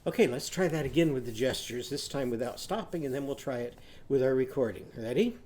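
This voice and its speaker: A man teaching a children's lesson, talking gently and encouragingly straight to young students. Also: mid-range voice, animated, fairly quick.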